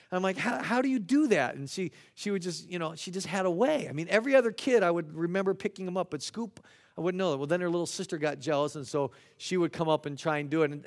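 Animated storytelling male children's pastor. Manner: animated, swings loud and high at story climaxes. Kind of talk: storytelling talk to other children's ministers.

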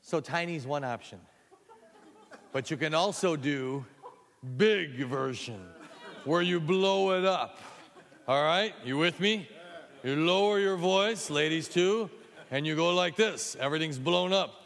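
A man leading a storytelling workshop for an audience, talking in an animated, self-deprecating way and often repeating words as he starts a sentence. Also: fairly high pitch, measured pace, vocal fry. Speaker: speaker teaching storytelling to children's ministry workers. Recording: long hall reverb.

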